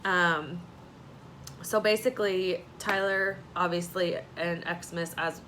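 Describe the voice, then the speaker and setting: A woman's voice: on the low side, steady tone, fairly bright tone, slight background noise, poor audio. Sassy, chatty woman recapping TV. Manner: chatty and sassy, with quick asides and laughs. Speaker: reality TV recap host. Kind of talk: casual recap chat.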